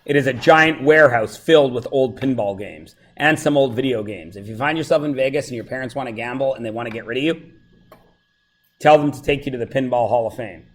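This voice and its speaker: A man's voice: medium pitch, fairly quick. A man teaching a math review lesson to a classroom, joking and going off on tangents while checking that his students follow.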